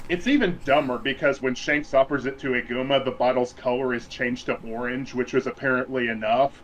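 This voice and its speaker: A man's voice: medium pitch, brisk, hardly any pauses, muffled recording, slight background noise. A man co-hosting a casual anime podcast, exasperated about dub edits, with lots of "you know" restarts. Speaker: podcast co-host.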